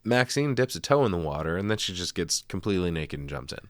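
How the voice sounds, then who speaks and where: A man's voice: low voice, sing-song, no room sound, studio quality. A man co-hosting a podcast, talking casually and crudely through a movie scene by scene. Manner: crude, joking, quick asides. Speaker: podcast co-host. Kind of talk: casual movie breakdown chat.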